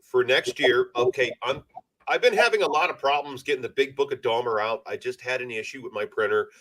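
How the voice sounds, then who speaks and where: A man's voice: medium pitch, brisk, fairly bright tone. A man talking as a guest on a casual podcast, passionate and emotional, swearing freely. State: teary-eyed. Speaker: guest, comic publisher.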